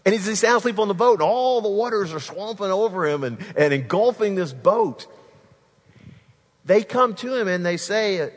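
A man's voice: high voice, animated, normal speed, big-room sound. A man preaching a sermon to his congregation, speaking to them directly and with energy. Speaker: pastor.

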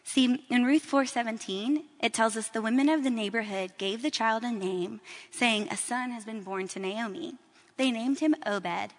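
Woman Bible teacher, casual storytelling delivery, somewhat high voice, echoing hall. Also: moderate pace. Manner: casual, conversational storytelling with fillers.

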